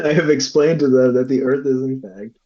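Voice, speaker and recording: A man's voice: medium pitch, normal speed, mellow, lo-fi sound. A man playing in a tabletop game, arguing his case and laughing often. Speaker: player. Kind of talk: casual game banter.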